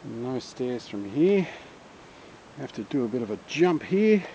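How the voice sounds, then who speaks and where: A man's voice: medium pitch, sing-song, measured pace, dark tone. Chatty man on a bushwalk. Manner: chatty, self-narrating on the move. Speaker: bushwalking vlogger. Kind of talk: casual outdoor vlog. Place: outdoors in bush gorge by a waterfall. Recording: muffled camera audio with outdoor noise.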